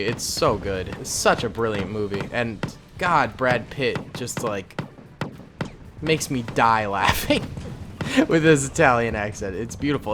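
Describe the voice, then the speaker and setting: A young man casually commentating a war simulation game, jokey and excitable with rambling asides. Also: mid-range voice, slight background noise. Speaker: gaming YouTuber. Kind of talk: let's play commentary.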